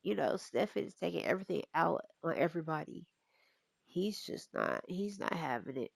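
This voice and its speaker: A woman's voice: fairly low pitch, lively intonation, normal speed, vocal fry, breathy edge, dry recording. A woman chatting casually to viewers as she narrates her life-sim gameplay. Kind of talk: casual let's-play commentary.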